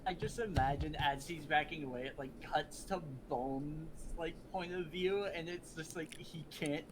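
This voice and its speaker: A man's voice: on the high side, normal speed, background noise. A man playing a tabletop game, chatting in a rambling way full of "like". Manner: rambling, full of likes and laughs. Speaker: player. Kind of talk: casual chat while playing a tabletop game.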